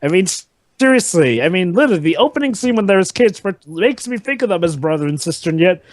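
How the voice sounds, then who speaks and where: High, lively man riffing on a movie. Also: quick pace, no room sound. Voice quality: incredulous, questioning. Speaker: movie commentator. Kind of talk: casual movie commentary.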